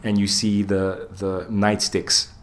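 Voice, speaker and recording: A man with a deep, low voice tells a tale on a casual podcast, swearing freely and slipping into the voices of the people in it. He keeps the talk loose and animated. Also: slow pace, a little hiss or hum. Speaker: podcast co-host. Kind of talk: casual storytelling chat.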